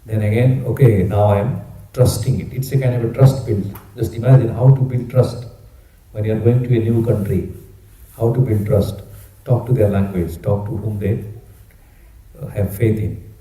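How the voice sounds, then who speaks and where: A man, telling a sacred story in an animated, conversational sermon. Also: lowish voice, moderate pace, roomy sound, rough recording. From India. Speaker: preacher. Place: roomy temple hall.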